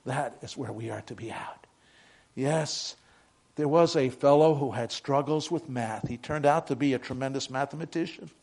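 An older man preaching a sermon, moving between quiet reflective passages and emphatic raised declarations. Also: medium pitch, normal speed, vocal fry.

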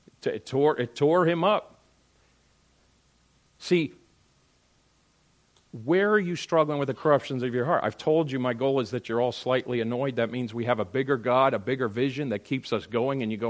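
A middle-aged man preaching a sermon as pastor, animated and emphatic, firing rhetorical questions at the congregation. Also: mid-range voice, normal speed, pauses often. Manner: animated preaching, rising to loud emphatic peaks.

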